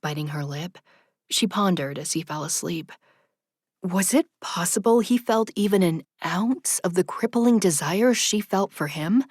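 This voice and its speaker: A woman narrating an audiobook in a soft, even, intimate read. Her voice sits low for a woman, and the recording is dry and close, with no room at all. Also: measured pace, breathy edge, no echo.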